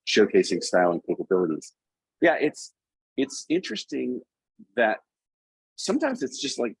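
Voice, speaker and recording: A low-pitched man with a husky voice hosts a casual group talk, relaxed and a little halting as he reads out comments. The sound is close and dry. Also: dry recording, poor audio.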